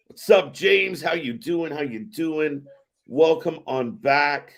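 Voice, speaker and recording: A man hosting a live wrestling watch-party stream, giving excitable, profane reaction commentary. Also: a little high, slow, creaky. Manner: excitable and profane, swearing often.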